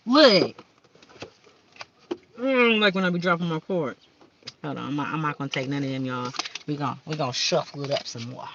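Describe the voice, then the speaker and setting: A woman's voice: low voice, animated, moderate pace, long pauses, muffled recording, noisy background. A woman doing a casual spiritual card-reading vlog, talking fervently in slang, swearing at times and stumbling as she reads the card text aloud. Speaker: card reader.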